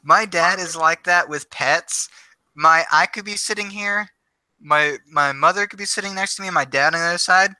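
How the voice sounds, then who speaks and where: Bright-voiced man in relaxed chat. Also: sits high, moderate pace, no echo. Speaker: livestream co-host. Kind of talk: casual chat.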